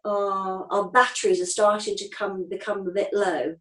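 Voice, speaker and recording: A woman in her fifties talks in a relaxed, chatty way as an interview guest. She is direct and down to earth, leaning on plain everyday examples. Her voice sits at an ordinary middle pitch. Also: normal speed, rough recording. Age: 50s. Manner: straight-talking, chatty, uses homely analogies. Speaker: acupuncturist guest. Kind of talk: casual interview chat.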